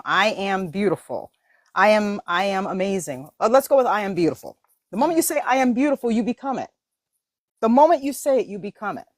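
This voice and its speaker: A woman hosting a casual chat about mindset, telling animated stories full of laughs and voiced quotes. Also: mid-range voice, no room sound, studio quality. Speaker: host.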